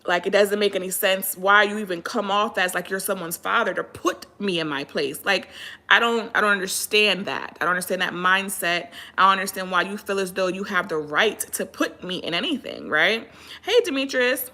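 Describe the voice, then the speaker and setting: Woman, from Pennsylvania, livestream host, casual commentary, exasperated, bright tone. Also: mid-range voice, normal speed. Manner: animated, exasperated, greets viewers mid-rant.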